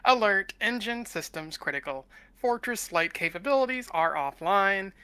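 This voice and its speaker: A woman doing a booming robotic alarm voice. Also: normal speed, clean tone, dry recording. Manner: flat, announcing. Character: booming robotic fortress alarm, cold and flat.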